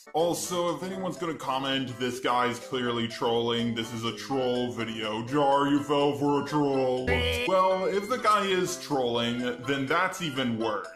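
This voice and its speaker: A robot voice reading out a man's blunt, sarcastic commentary in a male text-to-speech voice. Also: fairly high pitch. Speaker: commentary channel host. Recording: roomy echo over loud music.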